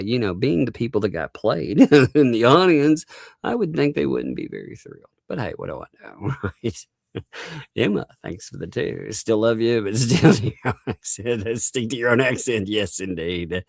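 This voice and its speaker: A man's voice: lowish voice, vocal fry, darkish tone, no echo, studio quality. A middle-aged man, casually chatting on a live stream and thanking donors, chuckling often as he rambles. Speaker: livestream host reading viewer donations.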